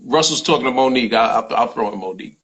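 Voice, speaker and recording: Excitable male podcast host. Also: medium pitch, fast, rough recording. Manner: excitable, stumbling restarts, shout-outs to viewers. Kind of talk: casual livestream chat.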